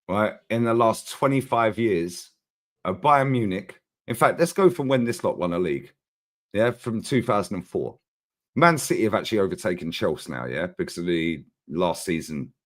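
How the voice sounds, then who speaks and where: Man, lively pitch, slangy, sweary, casual football chat. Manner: animated, swearing, street slang. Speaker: co-host, Arsenal fan.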